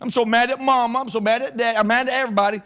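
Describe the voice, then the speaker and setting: Brief: high, whiny, sulking teen student, as a man puts him on. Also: fairly even intonation, rapid-fire, pushed and bright. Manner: whiny, complaining. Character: whiny indignant male teenage student.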